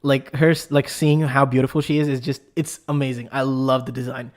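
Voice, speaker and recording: A man hosting a casual anime discussion, rambling and excitable with lots of fillers and restarts. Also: medium pitch, a little fast. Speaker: podcast host.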